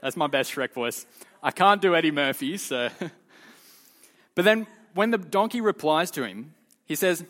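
A man leading a youth Bible lesson, telling the story in an animated, casual way full of slang. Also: a little high, measured pace. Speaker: youth leader teaching.

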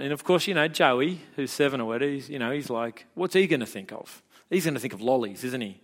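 A man's voice: mid-range voice, fast talker, a bit bright. A middle-aged man with an Australian accent preaching a sermon in a chatty, joking way, often stumbling and repeating words. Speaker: pastor. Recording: long hall reverb.

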